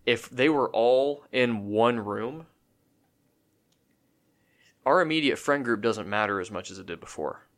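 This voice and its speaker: A man's voice: mid-range voice, animated, measured pace, pauses often, fairly bright tone. A man co-hosting a casual podcast, talking in a rambling way with many restarts and fillers. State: has the hiccups. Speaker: podcast co-host.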